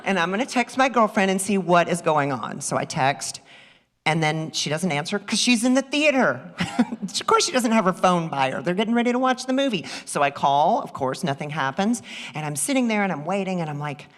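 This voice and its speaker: A middle-aged woman minister telling a personal story in a sermon, animated and acting out the voices she quotes. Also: fairly low pitch, brisk. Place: church sanctuary. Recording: long reverb of a large hall.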